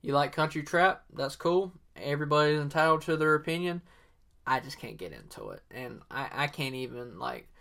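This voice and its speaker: A man's voice: mid-range voice, fairly bright tone. A man with a Southern accent hosting a solo podcast, rambling casually with lots of fillers and opinions. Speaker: podcast host.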